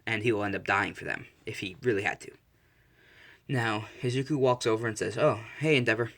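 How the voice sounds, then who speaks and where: Young man, low voice, loose rambling storyteller. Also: brisk, vocal fry, a bit bright. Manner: rambling, self-correcting. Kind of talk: casual improvised fan-fiction narration.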